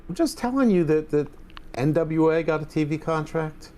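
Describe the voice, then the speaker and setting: A man's voice: on the high side, expressive, moderate pace, a crowd in the background. A man co-hosting a casual wrestling chat, blunt with dry sarcastic asides. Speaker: podcast co-host.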